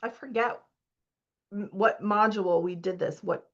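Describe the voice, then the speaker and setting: A woman's voice: medium pitch, a little slow, a bit bright, dull audio. A woman as a spiritual coach leading a live online masterclass, reading out participants' comments and urging them on emphatically.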